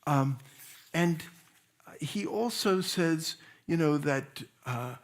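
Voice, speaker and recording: A male pastor telling a personal story from the pulpit, with a voice pitched somewhat high for a man. He speaks loosely and conversationally, often restarting phrases and laughing at his own story. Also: animated, drawn-out words.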